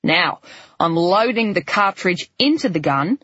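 A brisk shooting instructor gives orders in a measured, deadpan way, as a male narrator voices him. The voice is a little husky, and the recording is dull and dry. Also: high voice, no echo, exaggerated voice. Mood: instructing.

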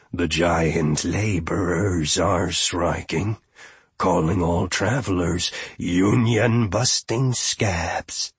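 A wizened old goblin merchant, voiced by a male narrator, drawling slowly in a deep, husky tone. He sounds dry and close, every word stretched with sly patience. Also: dry recording, full character voice. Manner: slow, low and drawling.

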